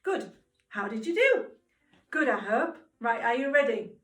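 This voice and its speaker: A woman teaching a singing lesson to young children, encouraging and speaking slowly and clearly. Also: fairly high pitch, sing-song. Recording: roomy sound from a distance, music behind.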